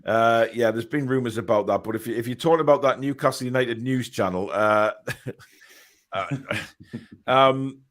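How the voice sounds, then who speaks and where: Male host, medium pitch, hesitant, full of ums, reads out chat comments on a call. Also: quick pace, few pauses. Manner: hesitant, many fillers, reads comments aloud. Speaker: podcast host reading viewer comments. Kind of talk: casual football chat.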